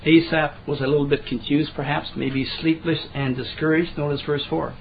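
A man's voice: a little high, little pitch movement. Folksy man preaching in a lo-fi recording. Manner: folksy, repeats and restarts words, reads scripture slowly, clears throat often. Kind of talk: conversational sermon.

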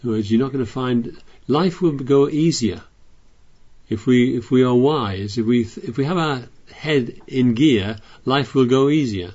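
A man's voice: mid-range voice, measured pace, a little mellow, breathy edge, muffled recording. A man preaching a sermon, reading scripture aloud and explaining it in a chatty way with frequent restarts.

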